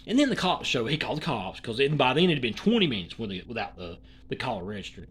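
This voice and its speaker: A YouTuber, rambling through an indignant opinion commentary and swinging between loud and hushed talk. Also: mid-range voice, big pitch swings, fast talker, few pauses, husky.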